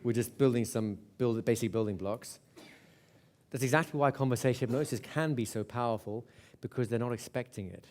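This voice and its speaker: A man's voice: mid-range voice, fairly quick, a little mellow. Guy teaching a hypnosis class live, chatty, restarts a lot, keeps saying right?. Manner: conversational, with repeated checks like "right?"; restarts and repeats words. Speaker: hypnosis instructor.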